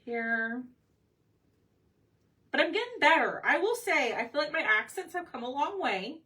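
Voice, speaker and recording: Casual woman host, bright voice, slightly distant mic. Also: sits high, lively intonation, unhurried. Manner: chatty, talks to viewers by name. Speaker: craft livestream host. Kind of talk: casual live craft chat. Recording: faint room noise, somewhat off-mic.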